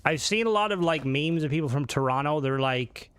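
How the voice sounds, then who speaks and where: A man's voice: a little high, animated, brisk, hardly any pauses, a bit bright, smooth, no room sound. Rambling, swearing man streaming. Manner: rambling and profane, with frequent restarts. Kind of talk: casual chat while gaming live.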